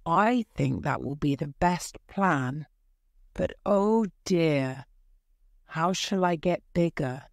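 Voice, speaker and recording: A woman's voice: low voice, expressive, takes it slowly, gravelly, no echo, studio quality, exaggerated voice. A woman voicing a polite, curious young girl in a storybook reading, speaking in a wondering, courteous manner. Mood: thoughtful.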